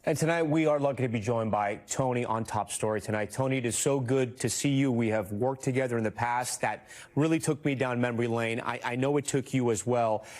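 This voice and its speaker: A news anchor introduces a report, then questions his guest in an even, conversational tone. The man's voice sits in a middle register. He sounds composed and professional. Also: mid-range voice, fairly quick, hardly any pauses. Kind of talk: broadcast news narration and interviewing.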